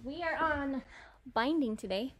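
A woman hosting a casual live stream from a quilt shop, chatty and quick to laugh. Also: high-pitched, background noise.

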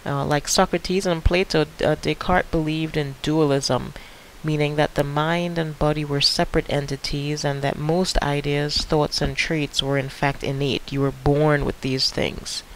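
A man's voice: a little high, flat delivery, measured pace, a bit bright, rough recording. A male teacher recording a video lecture, talking casually with frequent fillers and restarts. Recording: faint hiss.

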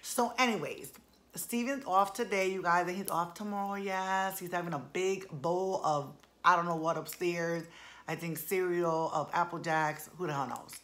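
Speaking at a moderate pace in a lowish, slightly bright voice, a woman vlogger in her forties has a casual chat with viewers. Her speech is colloquial and full of playful slang, and she calls everyone y'all.

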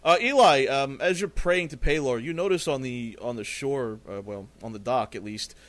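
Halting male game master. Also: medium pitch. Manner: halting, with many uhs. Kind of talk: casual tabletop narration.

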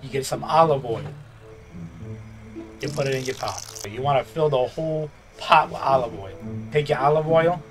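A man's voice: medium pitch, natural voice. A man voicing a brash Italian-American mobster with a New York accent, picking fights while narrating a game. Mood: instructive. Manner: tough-guy, swaggering, quick to pick fights. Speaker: gaming YouTuber. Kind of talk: in-character comedic gameplay commentary. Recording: roomy echo with game music behind.

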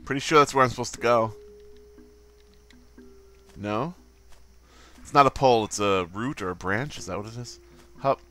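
A goofy let's play host narrates his gameplay in casual commentary, muttering, swearing, and making silly sound effects. His medium-pitched voice has a sharp tone and a moderate pace with long pauses, over soft background music.

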